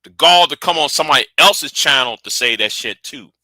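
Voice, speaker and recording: A man's voice: a little high, lively intonation, a little fast, bright, forceful tone, dry recording, low-quality recording. A man hosting a livestream, ranting heatedly and profanely, often repeating and restarting his words. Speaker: livestream host. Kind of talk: angry livestream rant.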